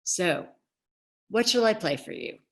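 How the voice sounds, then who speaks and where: A weary older father who plays the viola, gently wry and quiet, as a woman reading aloud puts him on. His voice sits a touch low and soft, in a lowered, subdued storybook delivery. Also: wildly swooping pitch, unhurried, gravelly, exaggerated voice. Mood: gentle, weary.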